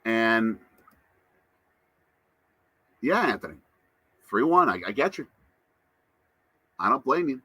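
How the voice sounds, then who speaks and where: A man's voice: medium pitch, sing-song, slow pace, long pauses, bright, forceful tone, breathy edge. A man hosting a casual live stream, chatting to viewers and reading out their comments. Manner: chatty, answers chat comments. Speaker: livestream host.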